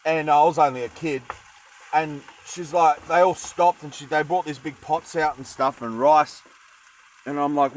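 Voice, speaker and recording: A man's voice: fairly high pitch, steady tone, a little slow, poor audio. A young Australian man chatting casually while cooking in a van, rambling with jokey asides. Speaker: cooking vlogger. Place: van kitchen.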